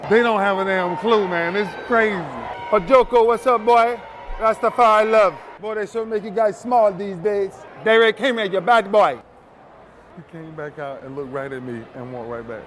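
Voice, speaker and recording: A man in an archive clip putting on a Jamaican accent and shouting playful calls outdoors at a stadium. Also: sits high, moderate pace, pitched above the performer's own voice. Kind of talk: clip of a famous athlete in disguise shouting at players. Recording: crowd noise outdoors, from far off.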